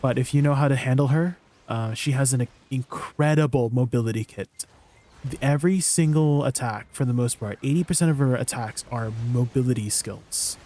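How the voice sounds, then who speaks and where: Mellow-voiced man bantering with chat. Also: mid-range voice, normal speed. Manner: incredulous, teasing replies to chat. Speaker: game streamer. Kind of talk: live stream chat with viewers.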